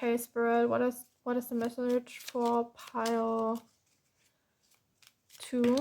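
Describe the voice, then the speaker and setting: A woman's voice: fairly high pitch, monotone, takes it slowly, creaky, a little mellow, a little hiss or hum. A woman from Germany giving a tarot reading, tired and openly frustrated, with sighs and frequent restarts. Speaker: tarot reader.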